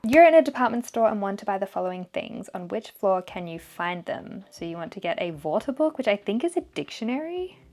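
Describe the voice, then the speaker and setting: A young woman vlogging as she takes a language test, thinking aloud and sounding out foreign words slowly. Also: medium pitch, big pitch swings, a little mellow. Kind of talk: casual vlog commentary.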